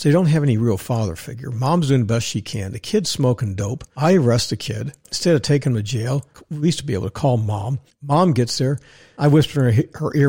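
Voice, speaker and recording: A blunt, husky older man hosts a podcast, ranting animatedly in opinionated solo talk. He mocks others by putting on high voices.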